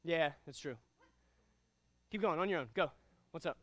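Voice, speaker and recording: A man teaching a karate class, giving energetic commands and calling out drills and counts. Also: a little high, normal speed, dry recording. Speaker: karate instructor. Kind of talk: martial arts class instruction.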